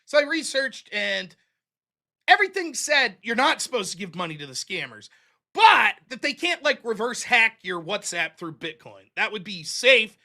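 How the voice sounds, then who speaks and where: A man hosting a live stream, telling a story in a casual, animated, profane and self-mocking way. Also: high voice, normal speed. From United States. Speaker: streaming show host.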